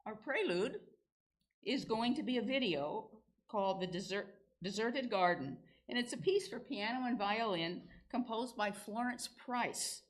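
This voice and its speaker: A woman's voice: fairly high pitch, animated, measured pace, poor audio. Older woman leading a church service. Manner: friendly, chatty, lightly informal. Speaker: worship leader. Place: church sanctuary.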